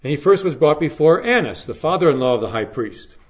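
A man preaching a Good Friday sermon, reading scripture aloud, then preaching in an earnest, measured way with dramatic rises and hushed drops. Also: a little high, sing-song. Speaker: pastor.

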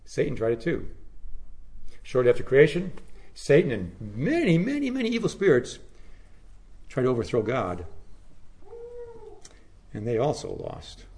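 A man preaching a sermon, with dramatic emphasis that drops to low, hushed phrases. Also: huge pitch swings, measured pace, pauses often.

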